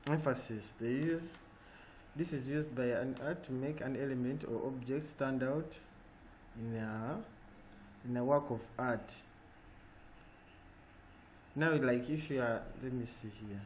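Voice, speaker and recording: A man's voice: mid-range voice, measured pace, long pauses, a little mellow. A man teaching an online design class. He stops often to check in with "eh?" and "yeah?". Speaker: design trainer. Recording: noisy online call audio.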